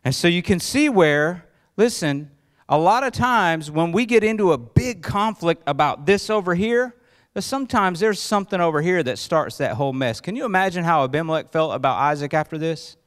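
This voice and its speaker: A male pastor preaching a sermon in church, telling the story with lively acted-out voices and questions to the congregation. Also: normal speed, clean tone. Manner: acts out quoted voices with rising pitch.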